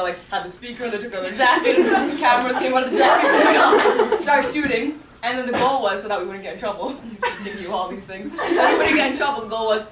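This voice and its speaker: A young woman answering fan questions at a live Q&A. She talks in a fast, animated way and laughs often. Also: fairly high pitch. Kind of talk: live Q&A talk. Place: large hall at a screening. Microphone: audience phone from far off. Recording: echoey hall, distant, faint noise.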